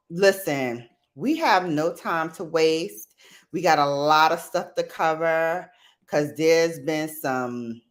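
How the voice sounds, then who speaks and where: A woman hosting a casual livestream, chatting playfully with her viewers and talking to her small pet. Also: sits low. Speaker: livestream host. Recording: loud music playing behind.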